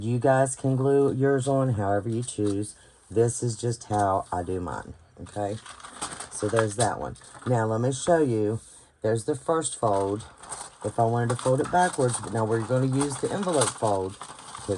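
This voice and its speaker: Late at night and worn out, a bookbinding crafter with a West Virginian accent walks through a casual hands-on tutorial on her channel, rambling, thinking out loud and searching for words. She has a bass voice and a moderate pace, with background noise including clear paper crinkling and clicks.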